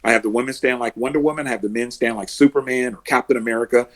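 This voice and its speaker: A man working as an emotional success coach, a podcast guest who tells animated stories and acts out the people he coaches. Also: medium pitch, rapid-fire. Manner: animated storyteller, acts out quotes and heroic laughs.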